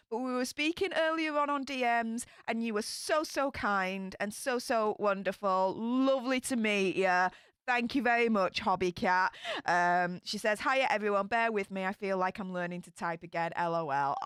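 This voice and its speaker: A woman's voice: mid-range voice, moderate pace, clear, resonant tone, dry recording, studio quality. A young woman with a Yorkshire accent hosting a casual livestream, chatty and upbeat as she greets viewers and reads their comments. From Yorkshire, England. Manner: upbeat, chatty, bursts of excitement. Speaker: livestream host.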